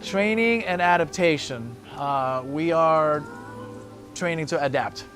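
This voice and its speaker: A man's voice: a little high, slow, fairly bright tone, faint music behind. Upbeat encouraging male breathwork coach. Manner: encouraging, calls out hold times. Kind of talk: guided breath-hold session coaching.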